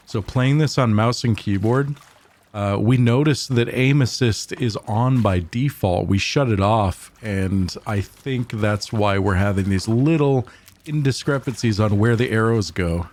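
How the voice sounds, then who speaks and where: A man's voice: on the low side, a little mellow. A man streaming a game, talking casually and profanely in a rambling way. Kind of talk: casual gameplay commentary.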